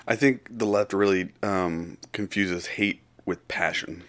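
A man's voice: low voice, unhurried, fairly bright tone. A man co-hosting a satirical podcast chat, dry and mock-indignant, cursing casually. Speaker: podcast co-host.

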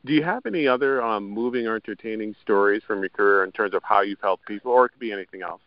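Low-voiced halting male host. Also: no room sound. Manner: halting, full of "you know" and backchannels. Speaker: podcast host. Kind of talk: interview conversation. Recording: dry, dull lo-fi audio.

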